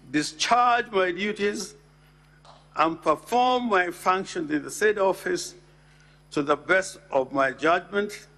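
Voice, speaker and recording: Slow, gravelly man pleading formally. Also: sits high, a bit bright. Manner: deliberate, emphatic, reads legal text aloud. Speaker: counsel addressing the Senate. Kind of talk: formal legal address. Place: Senate chamber.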